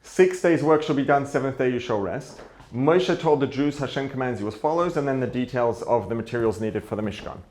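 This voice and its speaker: A man's voice: mid-range voice, a little fast, a little mellow. A man teaching a religious text, thinking aloud, repeating and rephrasing his points and posing rhetorical questions. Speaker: rabbi teaching Torah. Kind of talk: explaining a text to an audience.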